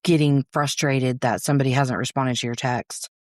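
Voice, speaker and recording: A woman's voice: rumbling low, fairly even intonation, normal speed, no echo, clean studio sound. Frank, swearing woman podcast host. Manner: casual and frank, swears freely; acts out her inner voice in quotes. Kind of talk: solo podcast talk.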